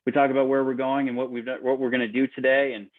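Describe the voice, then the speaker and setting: A man's voice: mid-range voice, little pitch movement, fast talker, no room sound, voice pushed up, lightly acted. A man quoting an exasperated shepherd. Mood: defensive. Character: frustrated male shepherd, grumbling and defensive. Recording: tinny lo-fi call audio, dry.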